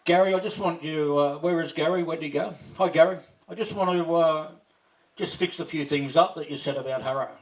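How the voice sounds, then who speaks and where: A man's voice: a little high, brisk. A man at a memorial gathering, speaking in a joking, casual, off-the-cuff way. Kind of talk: memorial speech. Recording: voice distant from the mic.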